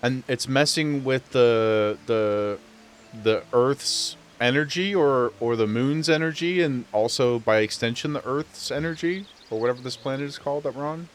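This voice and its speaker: A man's voice: mid-range voice, normal speed, slight background noise. Jokey man streaming a game from home. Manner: jokey, laughs often, reads game dialogue aloud. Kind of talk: casual live gameplay commentary.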